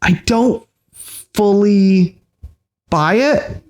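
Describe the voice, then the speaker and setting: A man's voice: sits high, extremely slow, darkish tone, echoey room, muffled recording. A man co-hosting a casual review podcast, easygoing and agreeable with self-deprecating humor. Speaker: podcast co-host.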